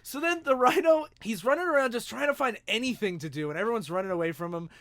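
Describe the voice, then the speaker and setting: A man on a casual podcast, with a high voice. He lays out a story step by step. The recording is dry and close. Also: fast talker, fairly bright tone, no echo. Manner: laughing, recaps plot step by step. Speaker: podcast co-host. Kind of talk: casual comic-book chat.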